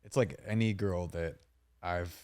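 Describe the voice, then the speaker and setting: A young man with a very low voice chats on a podcast. He tells his stories bluntly and swears freely, in a loose, casual flow. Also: fairly even intonation, measured pace, darkish tone. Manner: blunt, profane storytelling. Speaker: podcast co-host. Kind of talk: casual chat.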